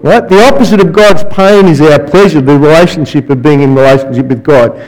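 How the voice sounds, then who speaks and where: A man's voice: on the high side, fairly quick, darkish tone, rough recording. A man preaching as a guest speaker and counsellor, telling stories with asides and rhetorical questions. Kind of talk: sermon.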